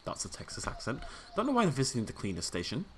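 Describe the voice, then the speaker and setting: A man's voice: medium pitch, wildly swooping pitch, fast talker, fairly bright tone, a little hiss or hum. A man hosting a video game let's play, giving casual, playful commentary and chatting to the characters on screen.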